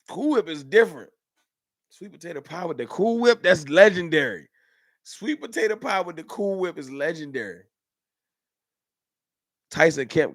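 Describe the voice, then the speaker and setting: A man's voice: fairly high pitch, fairly bright tone, no room sound, clean studio sound. A man hosting a casual livestream, chatting in a laid-back way and reading out and answering viewer comments. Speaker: livestream host.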